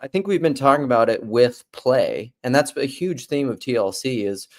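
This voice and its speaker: A man's voice: mid-range voice, animated, moderate pace. A man hosting a podcast, from Minnesota, rambling casually and laughing easily. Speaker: podcast host. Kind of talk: casual chat.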